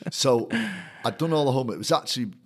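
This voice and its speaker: A man's voice: medium pitch, fast talker. A middle-aged man with a Mancunian accent tells stories from his career as a matchday compere, acting out the people he meets along the way. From Manchester, England. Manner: lively raconteur who acts out the people in his stories. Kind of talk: anecdotal storytelling in a conversation.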